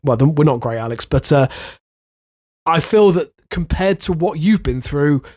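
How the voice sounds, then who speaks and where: A man's voice: a little high, lively intonation, moderate pace, a little mellow. A man co-hosting a podcast, congested and nasal from a virus, talking hesitantly. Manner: hesitant, many fillers and restarts. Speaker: podcast co-host. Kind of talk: casual chat.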